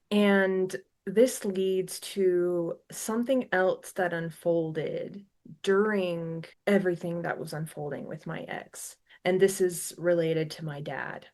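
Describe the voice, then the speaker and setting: A woman's voice: fairly low pitch, darkish tone. A woman in her thirties telling a painful personal story as a podcast host, reflective and emotional, at times tearful. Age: 30s. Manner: reflective, emotional, repeats phrases.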